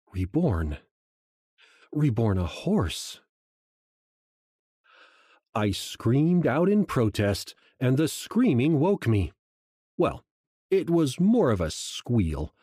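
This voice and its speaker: A man reading a first-person audiobook in a slow, hushed, measured way. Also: mid-range voice, no room sound, studio quality. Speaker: audiobook narrator. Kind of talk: first-person scripted narration.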